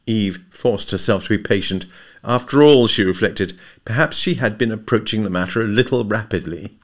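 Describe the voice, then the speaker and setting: A man narrating a comic novel as an audiobook reader, with expressive storytelling. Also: fairly low pitch, moderate pace. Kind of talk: scripted narration.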